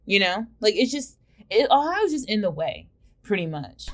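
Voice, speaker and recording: A woman's voice: medium pitch, sing-song, normal speed. A young adult woman co-hosting a podcast, chatting casually with a blunt, sassy and playful manner. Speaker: podcast co-host. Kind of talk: casual chat.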